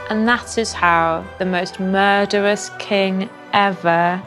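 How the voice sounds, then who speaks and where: A woman's voice: mid-range voice, fairly even intonation, slow pace, few pauses, over music. A woman telling a comic history story in a rambling, cheeky, casual way.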